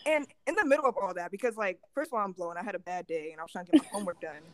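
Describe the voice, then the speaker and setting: Young woman podcast co-host, lively storyteller who acts out the quotes, dry close sound. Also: mid-range voice, racing, dry recording. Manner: animated storytelling with lots of acted-out quotes. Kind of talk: casual podcast chat.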